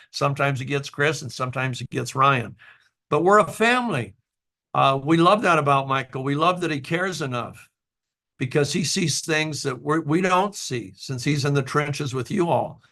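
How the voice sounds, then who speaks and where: A man's voice: fairly high pitch, pushed and bright. A man, the company's founder, giving a casual, earnest motivational talk to distributors, rambling with fillers and restarts and getting emotional at times.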